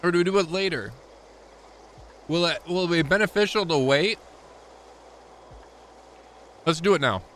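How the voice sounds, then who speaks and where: Young male streamer, crude jokes, bright forceful voice, pitched a little high. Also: moderate pace, pauses often, slight background noise. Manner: joking, crude, rambling. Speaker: game streamer. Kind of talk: live gameplay commentary.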